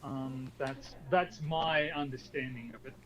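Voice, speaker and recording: A man co-hosting a casual podcast chat, talking in a halting way with many fillers and restarts. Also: mid-range voice, fairly even intonation, crowd noise. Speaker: podcast co-host. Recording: dull lo-fi audio with faint noise.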